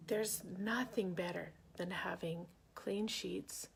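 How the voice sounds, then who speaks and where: A woman musician and teacher chatting casually on a live video, often dropping into a soft half-whisper as she muses. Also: medium pitch, slow, gravelly, hardly any pauses, a little hiss or hum. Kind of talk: casual live-stream talk.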